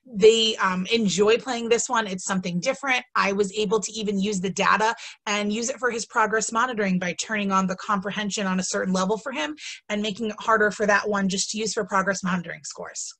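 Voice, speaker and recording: A woman teacher presents a casual instructional webinar, chatty and enthusiastic with frequent ums and asides, while she has the hiccups. Her medium-pitched voice is steady, brisk, and a bit bright.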